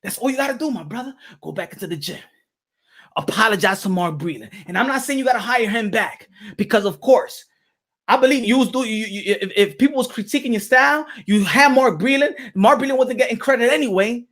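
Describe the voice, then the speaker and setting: A high-voiced man delivers a boxing pep talk with a preacher's insistence. He repeats himself for emphasis. At times he rises to a shout. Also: brisk. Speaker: boxing commentator and channel host. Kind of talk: animated monologue skit.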